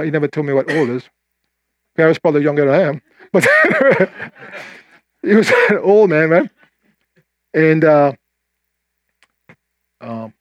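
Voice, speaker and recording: An older man preaching a sermon, telling a story and voicing its people, then slowing down to read scripture. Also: no room sound, dull audio. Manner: animated storyteller, quoting voices with rising pitch, slowing for scripture.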